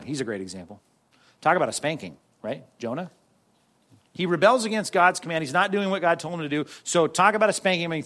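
Male pastor, sermon, casual asides, slightly high voice. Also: a bit bright. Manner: conversational preaching, dynamic delivery with frequent asides.

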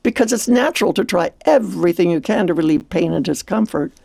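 A man's voice: high voice, expressive, brisk, gravelly, darkish tone, no room sound. A man co-hosting a devotional radio program, speaking in an earnest, reflective way.

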